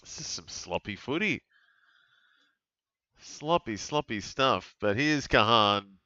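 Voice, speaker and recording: A man casually commenting on a live football game for his stream, chatty and relaxed, with sudden bursts of excitement at big plays. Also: mid-range voice, slow, dull audio. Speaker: fantasy football streamer calling a live watch-along.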